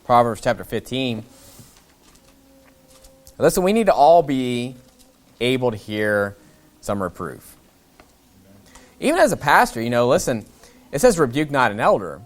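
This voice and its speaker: Conversational male pastor preaching with lively swings. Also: a little slow, pauses often. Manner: conversational, acts out the kings' lines in a plain voice; swings from loud high bursts to quiet low asides. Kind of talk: expository sermon.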